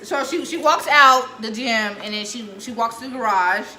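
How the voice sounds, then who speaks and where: A woman's voice: a little high, moderate pace, sharp tone. A woman telling a friend's story in casual chat, acting out the dialogue and laughing as she goes. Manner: chatty, retells dialogue, laughs often. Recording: echoey room with faint noise.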